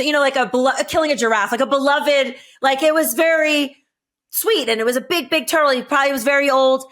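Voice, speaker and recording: High-voiced woman telling blunt, profane stories. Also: quick pace, a bit bright. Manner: blunt, profane storytelling with frequent laughs. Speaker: podcast co-host, former reality show contestant. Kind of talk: casual podcast chat.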